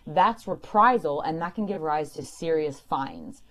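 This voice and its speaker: A woman explaining employment law clearly and emphatically to a caller, as host of a call-in show. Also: low-pitched, lively intonation, a little slow. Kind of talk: radio call-in advice.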